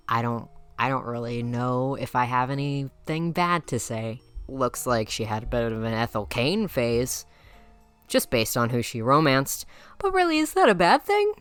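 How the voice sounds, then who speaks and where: A woman's voice: extremely low pitch, fairly bright tone, smooth. A young woman with a Midwestern accent doing playful, teasing roast commentary as a YouTuber, laughing often. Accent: Midwestern American.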